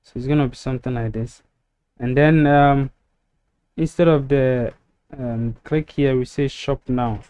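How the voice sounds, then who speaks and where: Man, mellow voice, screen-recorded software tutorial, step-by-step with lots of ums. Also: medium pitch, steady tone, a little slow, clean tone, muffled recording. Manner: step-by-step, filler-heavy with frequent ums. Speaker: web design tutor.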